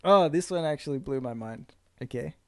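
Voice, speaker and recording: A man's voice: on the high side, expressive, moderate pace, a little mellow. A man co-hosting a podcast in casual, rambling, jokey chat. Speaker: podcast co-host.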